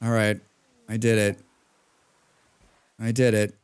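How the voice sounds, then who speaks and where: A man's voice: lowish voice, monotone, takes it slowly, clean tone. A man streaming a colony game live, chatting casually and ranting to his viewers while he plays. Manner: chatty, ranting, reads out chat names.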